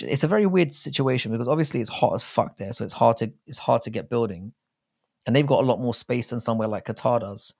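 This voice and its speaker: A British man co-hosting a live stream chat, rambling in a casual, profane way. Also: mid-range voice. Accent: British English. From Britain.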